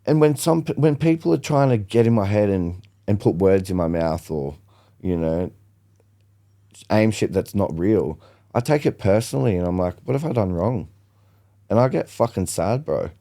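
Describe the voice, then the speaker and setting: A man's voice: fairly low pitch, animated, normal speed, warm tone. Fired-up young man swearing a lot. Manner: blunt, heavy swearing, fired-up storytelling. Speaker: podcast guest. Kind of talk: casual podcast chat.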